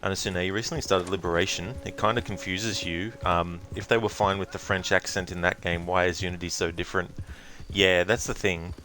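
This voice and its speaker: A man's voice: low voice, steady tone, brisk, hardly any pauses, sharp tone. A man giving casual, rambling commentary while playing a game. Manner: chatty, rambling, musing aloud. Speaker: gameplay streamer.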